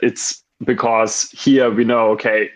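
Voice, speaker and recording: A lower-voiced man with a German accent, speaking English as a second language. He talks in a halting way, stopping for ums and restarting his sentences. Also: flat delivery, rough recording. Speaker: caller in an audio chat room. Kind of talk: casual chat.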